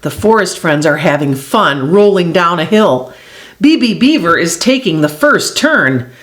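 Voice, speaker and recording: A woman reading a children's animal story aloud in an expressive, sing-song way. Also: fairly low pitch, unhurried.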